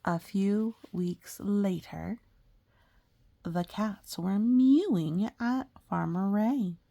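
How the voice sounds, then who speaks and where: A woman's voice: medium pitch, drawn-out words, gravelly, no room sound. A woman reading a picture book aloud to children and chatting about the pictures between passages. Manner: animated, talks to young listeners about the pictures. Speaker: storybook reader.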